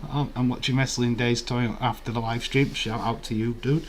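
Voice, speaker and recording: A man's voice: mid-range voice, level tone, moderate pace, few pauses. A man hosting a live watch-along stream, rambling in casual, profane banter with his chat.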